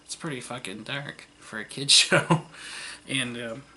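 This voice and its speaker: A man talking through an old TV series in a loose, rambling vlog, with fillers and chuckles everywhere. His voice sounds bright and forward, at an ordinary middle pitch. Faint noise hums underneath. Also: a little slow. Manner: rambling, lots of fillers and laughter. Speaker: vlogger. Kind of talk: casual retelling of a TV series.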